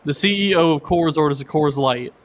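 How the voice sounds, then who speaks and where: A man's voice: a little high, brisk, slight background noise. A man co-hosting a game stream in casual chat, telling corny jokes. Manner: joking, tells groan-worthy punchline jokes. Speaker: guest co-streamer.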